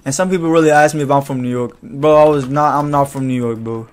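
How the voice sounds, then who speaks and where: A man's voice: medium pitch, quick pace. A man doing casual gameplay commentary, hyped and trash-talking in profane banter. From Louisiana, USA. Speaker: gaming YouTuber.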